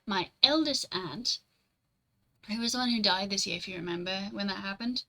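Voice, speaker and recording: Reading and responding to her viewers' messages, a young female live-streamer chats in a loose, meandering way, tossing in casual swears and frequent laughs. Her bright, forward voice sits mid-pitch at a moderate pace, and the recording quality is low.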